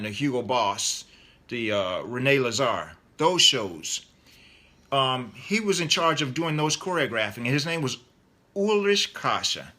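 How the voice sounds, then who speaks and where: Middle-aged male author, casual, rambling with fillers; bright, forceful tone. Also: medium pitch. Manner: rambling, many fillers and restarts. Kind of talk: casual interview answers.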